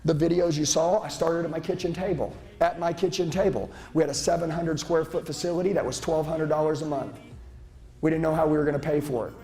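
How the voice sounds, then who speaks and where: High-pitched, intense male sales trainer. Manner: intense, profane, shouting and lecturing. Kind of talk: motivational seminar speech. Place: seminar room with live audience. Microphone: handheld mic.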